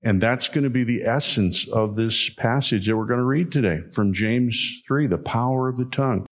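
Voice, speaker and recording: A man giving a sermon, telling stories in a folksy way and repeating key lines slowly for emphasis. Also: mid-range voice. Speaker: preacher.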